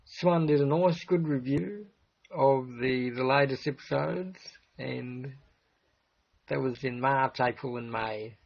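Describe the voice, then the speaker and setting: A man's voice: mid-range voice, takes it slowly, creaky. A man hosting a livestream, meandering through his thoughts with many restarts. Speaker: livestream host. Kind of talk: rambling livestream chat. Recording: dull lo-fi stream audio.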